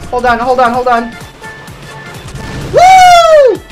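A young man commentating his own gameplay in an excitable, panicky, jokey way, shrieking and laughing. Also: extremely high pitch, normal speed, music in the background. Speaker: gamer and video host.

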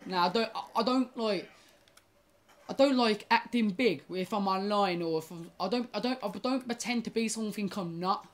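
A woman's voice: mid-range voice, normal speed. Rambling young woman gamer. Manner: rambling, stumbling restarts, swears at the game. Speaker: gaming YouTuber. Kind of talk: casual gaming commentary.

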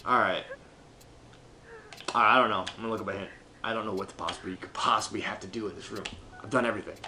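A fast-talking man, leaving long pauses, commentates his own gameplay as a streamer, swearing all the time and talking to himself out of frustration. His lively voice veers from muttering to yelling, and slight background noise is present.

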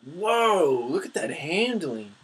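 A young man giving casual, excitable commentary on his own gameplay, trash-talking his opponents. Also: on the high side, slow pace, husky, rough recording.

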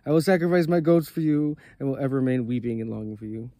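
Devoted humble shepherd, read by a man, earnest, pleading, mellow voice. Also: mid-range voice, quick pace, dry recording, close to an everyday voice.

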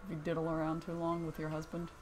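A woman's voice: deep voice, completely flat delivery, a little hiss or hum. A young adult woman playing a video game and joking through casual commentary. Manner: teasing, jokey, quick to laugh. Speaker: let's play streamer. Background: game music.

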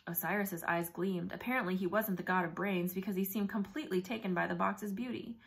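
A woman reading a novel aloud in first person, with brisk, vivid storytelling. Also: medium pitch, fairly even intonation, gravelly. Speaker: audiobook narrator.

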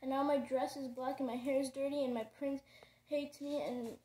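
A vain, dramatic teenage girl pleads in a high, whiny voice, as a woman puts her on while reading. It sounds mellow and roomy. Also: steady tone, moderate pace. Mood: sobbing. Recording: roomy echo.

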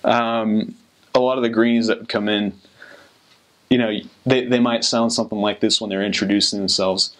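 A young man, a returned missionary, casually telling stories and giving advice in a relaxed, rambling way with many fillers and restarts. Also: fairly low pitch, moderate pace. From United States.

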